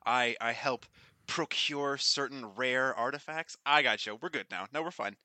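A man playing in a tabletop game, quick-witted and sarcastic, joking and laughing as he talks. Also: mid-range voice, bright, forceful tone, dry recording. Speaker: player.

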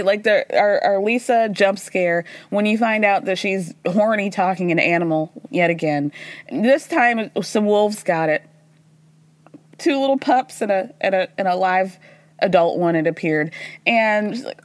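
A woman talks through a reality TV recap in a loose, sarcastic, chatty way, dropping quick asides and mimicking the people she quotes. Her voice sits in a mid range and is recorded close and dry, with no room sound. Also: medium pitch, expressive, dry recording. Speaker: podcast host. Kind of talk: casual recap commentary.

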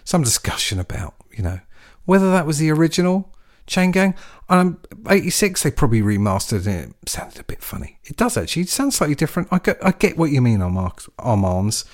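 Chatty English man, animated DJ. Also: fairly high pitch, a little fast. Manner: chatty, jokey, rambling with fillers. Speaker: radio DJ host. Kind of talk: casual radio presenting.

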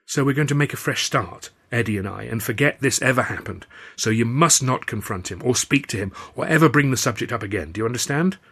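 A man voicing a shaken young chorus girl who talks in an urgent, hushed, pleading way as an audiobook character. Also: mid-range voice, animated, brisk, breathy edge. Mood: earnest.

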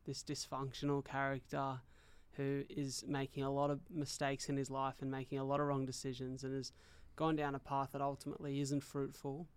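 A man, hosting a podcast and telling stories in an animated, emotionally open way. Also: mid-range voice, a little fast, hardly any pauses, smooth. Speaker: podcast host. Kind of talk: conversational interview.

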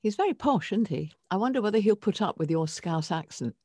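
An older woman co-hosting a casual podcast chat, reflective and expressive as she introduces guests. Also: mid-range voice, a little fast, dry recording, clean studio sound. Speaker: co-host.

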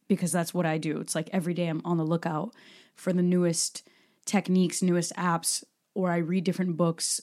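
A woman's voice: on the low side, a little mellow. A woman from Brazil hosting a solo Q&A podcast, talking passionately and emphatically. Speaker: podcast host.

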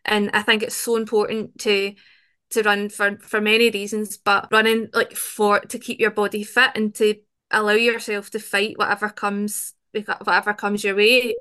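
A woman's voice: medium pitch, level tone, normal speed, pushed and bright, smooth. A woman, a podcast guest talking openly and chattily, with frequent restarts. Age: 20s. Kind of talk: conversational interview.

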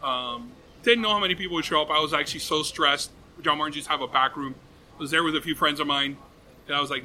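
A man chatting as a podcast guest, telling animated stories and laughing often. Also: mid-range voice, fast talker, slight background noise. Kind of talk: casual podcast chat.

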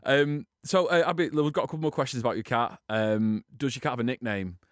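Fast-talking man hosting a podcast. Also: mid-range voice, dry recording, clean studio sound. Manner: fast, laughing, encouraging, stumbling repeats. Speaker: podcast host. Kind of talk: casual podcast interview.

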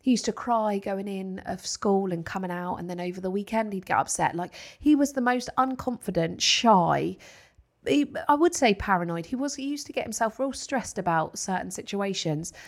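A woman's voice: mid-range voice, lively intonation, moderate pace. A woman, co-hosting a casual chat, telling stories in a chatty, self-mocking way. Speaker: podcast co-host.

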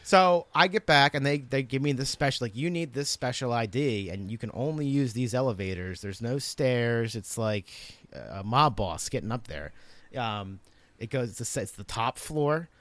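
A young man tells a story in a rambling, animated way, stacking fillers and restarts as he goes. His middle-pitched voice sits close to the mic in a dry, dead room. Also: normal speed, no echo. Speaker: guest telling a story. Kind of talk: casual storytelling chat.

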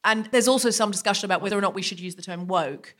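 A woman's voice: medium pitch, rapid-fire, a bit bright. A woman hosting a live comedy podcast, explaining ideas thoughtfully to a guest in front of an audience. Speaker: podcast host.

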